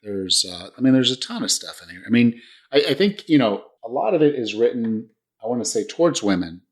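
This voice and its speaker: A man's voice: medium pitch, very animated, brisk, slightly rough. A man in his forties hosting a fitness podcast, chatting in a casual, upbeat way with frequent restarts. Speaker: podcast host, fitness coach. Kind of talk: casual interview chat.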